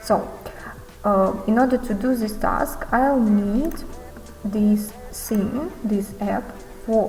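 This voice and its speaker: Woman teaching intonation, highish voice, big reverb and music under it. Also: warm tone. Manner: explains slowly, reads example sentences with exaggerated rising and falling tunes. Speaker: English phonetics teacher. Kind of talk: classroom lesson. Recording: long reverb with music behind.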